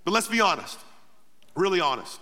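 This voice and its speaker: A pastor preaching a sermon, emphatic, calling out to the congregation for response. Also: male voice, high voice, very animated, moderate pace, pushed and bright, long reverb tail.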